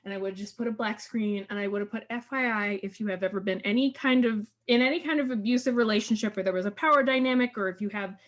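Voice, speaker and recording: A woman co-hosting a fan podcast, talking emphatically and at length about an emotional TV scene, with bursts of laughter. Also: mid-range voice. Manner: emphatic, rushes through long lists, laughs. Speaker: podcast co-host. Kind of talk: casual fan discussion.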